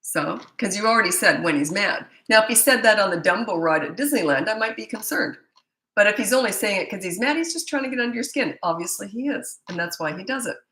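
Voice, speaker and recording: A woman's voice: mid-range voice, expressive, fast, bright, forceful tone, echoey room, poor audio. A woman in her fifties, a parenting coach, answering viewer questions in a chatty, blunt way, with stammered restarts. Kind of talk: live Q&A answering viewer comments.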